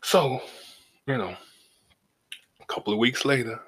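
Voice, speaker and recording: A man's voice: medium pitch, unhurried, fairly bright tone, husky. A middle-aged man telling a personal story on a podcast in a loose, profane, laid-back way, often asking "you know what I'm saying". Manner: shifts from laid back to heated as the story builds. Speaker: podcast host. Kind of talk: casual storytelling.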